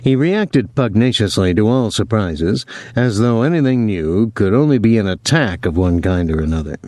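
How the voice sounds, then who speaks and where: A man reading an audiobook as the narrator in a measured, even way. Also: lowish voice, no room sound, studio quality. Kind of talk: scripted narration.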